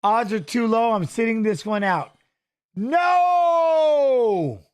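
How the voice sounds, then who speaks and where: A man's voice: high voice, clean tone. A man hosting a fight watch-along in casual, rambling commentary, muttering asides and rattling off stats. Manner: rambling, muttered asides and quick stat reading.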